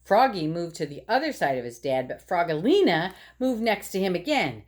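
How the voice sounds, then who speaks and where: A woman's voice: lowish voice, very animated, normal speed, a little mellow. A woman reading a picture book aloud to children, voicing sound effects and asking them questions. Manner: sing-song, asks children questions, voices sound effects.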